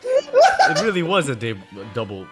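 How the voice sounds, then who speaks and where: Laughing, excitable young man. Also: on the high side, measured pace. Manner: giggly, exclaiming, joking. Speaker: co-host, game player. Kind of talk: casual let's-play chat. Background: game music.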